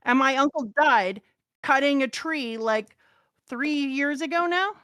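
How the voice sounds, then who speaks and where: A woman's voice: high-pitched, a little slow, sharp tone, dry recording, clean studio sound. A middle-aged woman, the host's mother, chatting casually in a blunt, profane, laughing way. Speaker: co-host, mother of the host. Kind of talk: casual chat reading chat comments.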